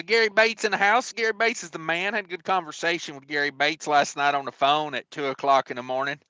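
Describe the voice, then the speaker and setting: Rambling high-voiced man. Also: pushed and bright, clean tone, no room sound. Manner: rambling, joking, lots of fillers and laughs. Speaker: trucking livestream host. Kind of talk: casual live-stream chat.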